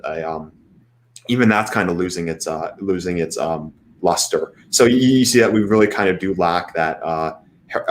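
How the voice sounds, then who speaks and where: Deep-voiced man, halting talk. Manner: halting, many fillers and restarts. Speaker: panel guest. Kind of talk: casual discussion.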